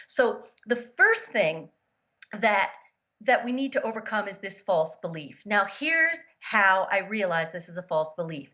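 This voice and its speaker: A woman's voice: medium pitch, a little slow. A woman telling personal stories as a guest in an interview, earnest and emphatic, acting out the voices of the people she quotes. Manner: lively storyteller who acts out the voices of the people she quotes. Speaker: guest, grief therapist and author.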